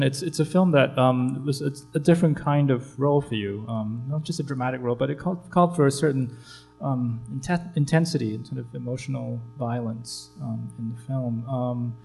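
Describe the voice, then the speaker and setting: Interviewer, gravelly voice, halting questions, faint music underneath. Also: mid-range voice, mellow. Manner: halting, thoughtful questions with fillers.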